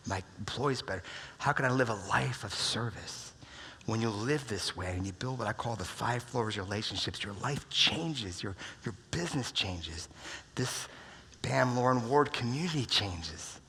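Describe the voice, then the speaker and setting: An American man giving a motivational keynote speech at a conference, telling stories and dropping to a hushed near-whisper at emotional moments. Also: lowish voice, breathy edge. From United States. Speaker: keynote speaker. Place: large conference room. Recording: reverberant conference hall.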